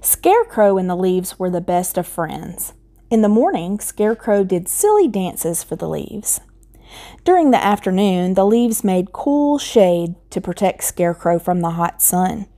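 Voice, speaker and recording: Mellow woman reading a picture book. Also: lowish voice, very animated, unhurried. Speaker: storybook reader.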